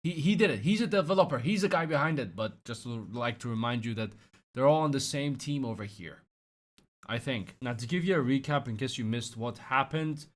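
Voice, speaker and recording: A man's voice: medium pitch, lively intonation, fairly quick. A man hosting a reaction commentary and talking sarcastically and mockingly about the clips he plays. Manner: sarcastic, mocking, breaks into loud put-on quotes. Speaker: commentary host.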